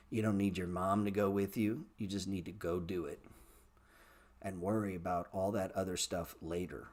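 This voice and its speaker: A middle-aged man with a somewhat low voice hosts a casual trading livestream. He talks bluntly and swears freely, lecturing the viewers who write in. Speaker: trading show host answering viewer chat.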